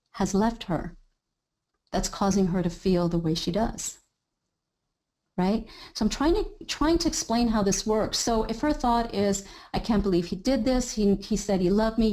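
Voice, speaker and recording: Woman coach, casual live training, lively delivery that slips into quoted inner monologue. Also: mid-range voice. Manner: animated, acts out inner thoughts in quoted asides. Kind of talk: live online training talk.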